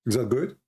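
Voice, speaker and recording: A man with an Arabic accent, an Arabic native speaker from the Middle East, hosting a heated online debate, pressing and repeating his questions while hoarse and coughing. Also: warm tone. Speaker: debate host.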